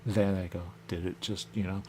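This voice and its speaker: A man's deep, slightly mellow voice carries a flat, normal-speed radio monologue over slight background noise. He muses loosely and repetitively, leaning again and again on the same stock phrases and repeatedly saying "there you go."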